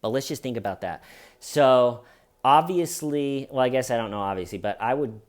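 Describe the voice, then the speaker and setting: A man's voice: medium pitch, moderate pace. A man giving casual true crime commentary as the host of his channel, with sarcastic, mocking asides.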